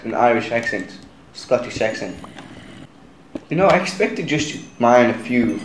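A man's voice: medium pitch, echoey room, noisy background. Young man chatting over his game. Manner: chatty, talks to viewers as guys. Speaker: gaming channel host. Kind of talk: casual game commentary.

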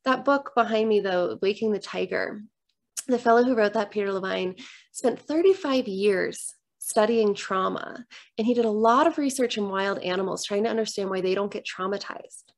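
A middle-aged woman who works as a divorce coach, talking candidly and gently to the camera from a room at home. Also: mid-range voice, normal speed. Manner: earnest, gentle, reflective.

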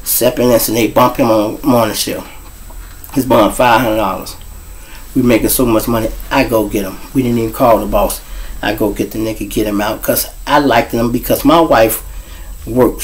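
A man's voice: mid-range voice, moderate pace, poor audio. A middle-aged man, hosting his show and telling street stories animatedly, acting out scenes with sound effects and voices. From Chicago. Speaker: show host and storyteller. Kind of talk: street storytelling monologue.

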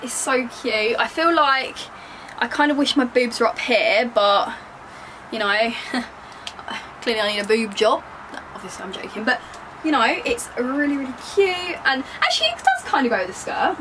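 A woman's voice: a little high, expressive, normal speed, background noise. A young woman chatting casually in a bubbly, giggly way while trying on clothes at home for her vlog. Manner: bubbly and giggly, joking with viewers. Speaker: fashion vlogger. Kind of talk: casual try-on haul chat.

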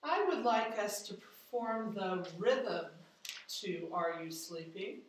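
A woman's voice: mid-range voice, lively intonation, takes it slowly, slight background noise. A woman teaching a music lesson to children at home, patiently explaining and counting out rhythm syllables. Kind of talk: distance-learning music lesson. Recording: echoey room, mic at a distance.

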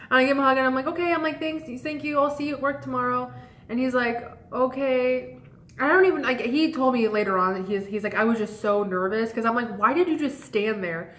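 A woman's voice: mid-range voice, a bit bright. A young woman chats straight to her camera, telling a long personal story. She rambles, with many "like"s and "um"s. The room around her is echoey. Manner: chatty, rambling, lots of "like" and "um". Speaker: vlogger. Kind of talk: casual storytime chat.

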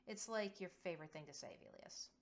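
A woman's voice: on the low side, sing-song, a little fast, vocal fry. A woman voicing an earnest, somewhat anxious female lieutenant colonel who gets flustered easily.

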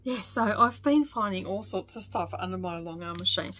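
Chatty Australian woman with a bright voice. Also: mid-range voice, moderate pace. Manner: chatty and rambling, many fillers, with little laughs. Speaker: sewing vlogger. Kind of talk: casual chat. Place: home sewing studio.

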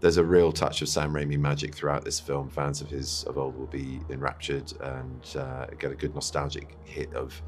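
A man, an actor, answering questions in a press interview in an articulate, measured and thoughtful way. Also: extremely low pitch, level tone, faint music behind.

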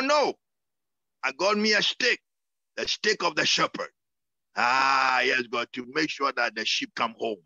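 A man's voice: on the high side, sharp tone, no room sound, highs cut off. A man preaching a sermon and praying, fervent, with sudden whoops, often repeating his words. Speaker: apostle preaching. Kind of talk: sermon and prayer.

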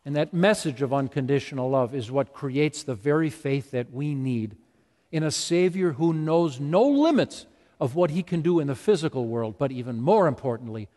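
A man's voice: medium pitch, animated, normal speed, dark tone. A man preaching a sermon as pastor, emphatic and repetitive. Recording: long reverb of a large hall.

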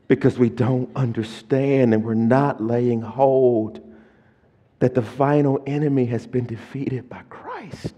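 A middle-aged man, a pastor preaching a sermon and swinging between quiet, low passages and loud, emphatic lists. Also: lo-fi sound. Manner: preaching with rising and falling intensity, stressing word lists. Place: church sanctuary. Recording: long church hall reverb.

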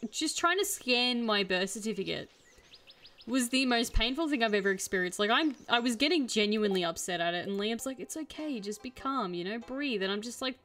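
A woman's voice: mid-range voice, fairly bright tone. A young woman chatting casually while streaming a game, telling an exasperated story. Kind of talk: casual gameplay chat.

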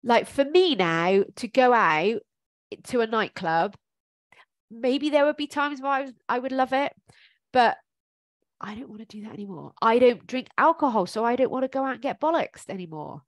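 A woman's voice: fairly high pitch, lively intonation, normal speed, no room sound. A woman giving informal coaching advice, chatty and encouraging, thinking aloud with plenty of ums. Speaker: life coach.

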